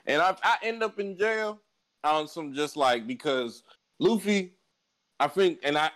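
A man co-hosting a casual podcast, talking in an animated way and laughing through his stories. His voice sits at an ordinary pitch for a man. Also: poor audio. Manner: animated storytelling, laughs and stumbles over words. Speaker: podcast co-host. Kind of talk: casual chat.

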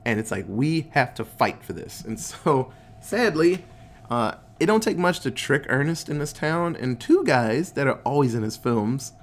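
A man's voice: mid-range voice, expressive, normal speed. A man casually recapping a movie, laid-back and swearing a lot, acting out the characters' lines in goofy voices. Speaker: podcast host recapping a movie.

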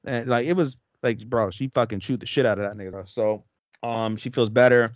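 A man's voice: mid-range voice, fairly quick, no echo, lo-fi sound. A man co-hosting a podcast, recapping a story in a rambling, slangy way with heavy swearing. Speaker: podcast co-host. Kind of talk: casual recap chat.

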